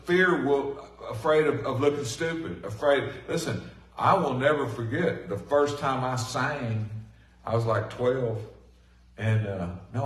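A middle-aged man preaching a sermon in a folksy, animated way, swinging from loud bursts to hushed asides. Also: medium pitch. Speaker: pastor. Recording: echoey room from a distant mic.

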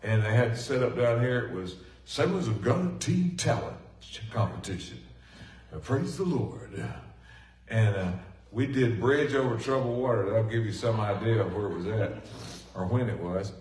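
Folksy preacher, echoey and distant. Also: male voice, on the low side, normal speed. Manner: folksy, animated preaching with swings from loud to hushed. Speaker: pastor. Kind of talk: sermon. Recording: echoey room from a distant mic.

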